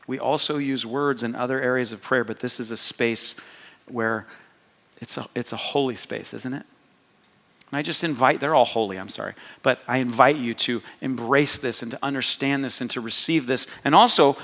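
A man preaching a sermon as pastor, slow and intimate, repeating words for emphasis. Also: medium pitch, fairly bright tone. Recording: long hall reverb.

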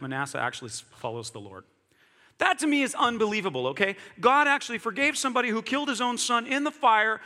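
A man preaching a lively, conversational sermon, often poking fun at himself and asking his listeners questions. His voice sits high and sounds bright and forceful. It rings with a long reverb, like a large hall. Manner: animated, self-deprecating, talks directly to the audience.

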